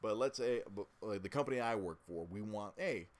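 A low-voiced man on a casual podcast who stammers and restarts his sentences a lot. His pitch swings widely as he gets worked up. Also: brisk. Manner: animated, many stammered restarts. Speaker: podcast co-host.

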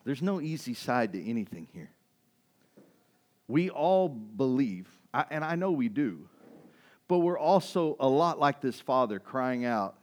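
A man preaching a sermon, moving from hushed, intense passages to loud, fervent ones, often asking the congregation "right?". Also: sing-song, normal speed. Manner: builds from hushed intensity to loud, high-pitched fervor, with rhetorical "right?"; acts out quoted voices of doubters. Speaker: pastor.

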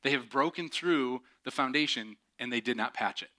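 A man in his thirties preaching a sermon with a very bright, forceful voice. He tells stories in an animated way and slips into exaggerated voices to mimic other people. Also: medium pitch, normal speed. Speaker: pastor. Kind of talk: sermon with storytelling.

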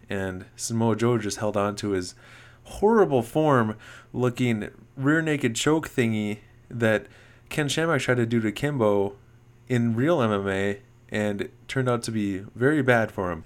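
A man hosting a casual sports podcast, teasing his co-host and laughing at him. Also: mid-range voice.

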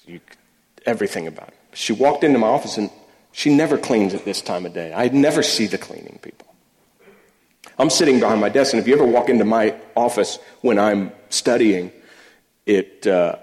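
In a sermon-style talk, a man with a lowish, slightly mellow and somewhat rough voice tells stories about faith at work. He often restarts and repeats words, and the recording carries long, echoey hall reverb.

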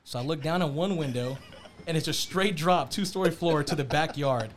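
Young man telling a story, animated. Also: fairly high pitch, moderate pace, a little hiss or hum. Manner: animated slang-heavy storytelling, acts out quotes. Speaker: storyteller on a podcast. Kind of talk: casual storytelling chat.

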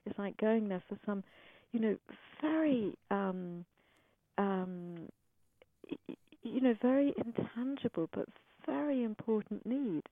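A woman's voice: mid-range voice, animated, a little slow, no echo. A woman guest talking casually in an interview, hesitant and searching for words. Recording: phone-like remote line.

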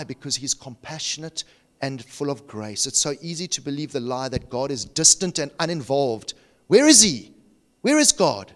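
A middle-aged man preaching a sermon, swinging from quiet, intimate lines to near shouts. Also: fairly high pitch. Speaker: pastor.

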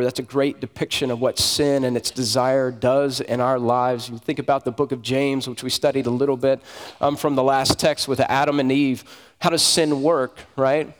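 Man preaching in a reverberant hall. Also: mid-range voice. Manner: conversational preaching with rhetorical questions. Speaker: pastor. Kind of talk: sermon.

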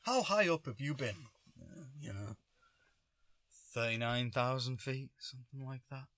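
A man's voice: mid-range voice, measured pace, fairly bright tone, no room sound, clean studio sound. A man talking alone in a rambling, sarcastic way, often stopping himself mid-thought. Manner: rambling, sarcastic, self-interrupting. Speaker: vlogger. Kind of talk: casual solo monologue.

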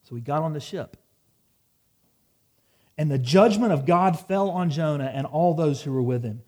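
A man's voice: fairly high pitch, animated, normal speed, darkish tone. A man preaching a sermon, reading scripture dramatically and dropping wry asides. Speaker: pastor.

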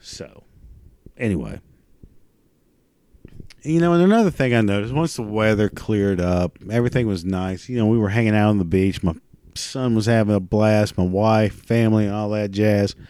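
A middle-aged man, ranting in a casual monologue, crude and profane, rambling with halting restarts. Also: on the low side, dark tone, clear, resonant tone, no room sound.

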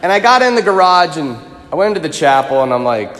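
Animated priest preaching in an echoey hall. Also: male voice, fairly high pitch, fast, a little hiss or hum. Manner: animated storytelling, chuckling asides. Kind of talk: sermon with personal story.

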